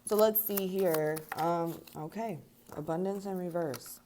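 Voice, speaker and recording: A woman's voice: fairly low pitch, a little slow, background noise. A young woman giving a casual tarot and angel card reading to her viewers, chatty and laughing often, swearing now and then. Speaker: tarot reader.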